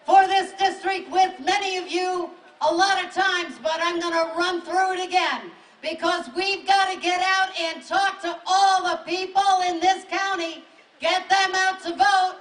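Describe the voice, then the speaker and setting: A woman congressional candidate from Western New York, with that region's accent, gives a rousing, emphatic speech at an outdoor rally using punchy repeated lines. Her voice is extremely high and fairly bright at a measured pace. The audio is echoey and distant from the mic, with crowd noise.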